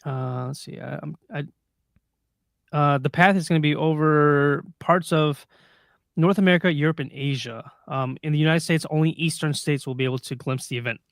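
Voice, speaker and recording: A man's voice: fairly high pitch, normal speed, creaky, no echo, clean studio sound. A man co-hosting a casual livestream podcast, laughing often and running down a list of upcoming sky events. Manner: laughs often, reads through a list of dates. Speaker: podcast co-host.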